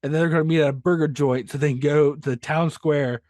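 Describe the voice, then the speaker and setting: Male co-host, higher pitch, dry close sound, rambling enthusiastic retellings. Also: fairly even intonation, fast, a little mellow, dry recording. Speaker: podcast co-host. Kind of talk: casual film-discussion chat.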